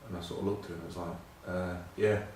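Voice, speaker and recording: A man's voice: deep voice, little pitch movement, fast talker, darkish tone, heavy reverb, recorded from a distance, rough recording. A middle-aged English man telling rambling, self-mocking rugby stories in casual chat. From England. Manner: rambling, self-mocking anecdotes with many ums. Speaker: rugby pundit.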